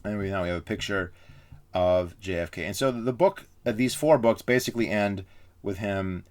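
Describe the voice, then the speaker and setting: A man's voice: on the low side, normal speed, darkish tone. A man giving a casual spoken book review, rambling with frequent fillers and restarts.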